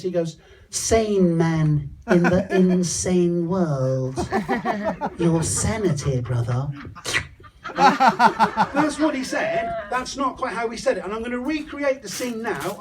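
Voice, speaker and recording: A man doing a crude, swearing stand-up comedy set outdoors on a hot tub, telling a story with mock-paranoid asides. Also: high-pitched. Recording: distant mic, loud crowd around. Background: crowd laughing.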